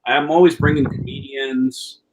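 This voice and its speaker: A man in his forties, a stand-up comedian guest, telling lively, casual anecdotes on a podcast and swearing now and then. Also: fairly high pitch, measured pace, background noise.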